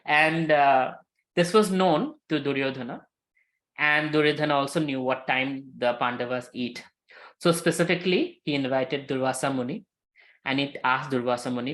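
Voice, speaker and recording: Man, scripture teacher, animated storyteller, middling pitch. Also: normal speed. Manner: animated storytelling with acted quotes and many fillers. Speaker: spiritual teacher.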